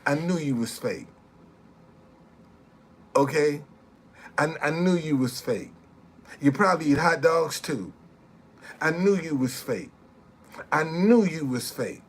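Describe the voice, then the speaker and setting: Man, live-stream rant, repetitive, heckling, slightly high voice. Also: expressive, unhurried, pauses often, slightly rough. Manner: repeats phrases, heckles chat commenters, laughs loudly.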